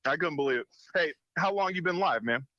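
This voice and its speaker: A man's voice: a little high, lively intonation, brisk, sharp tone, no echo. A man co-hosting by phone in casual chat, joking and chatty. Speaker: co-host calling in. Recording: dull phone line.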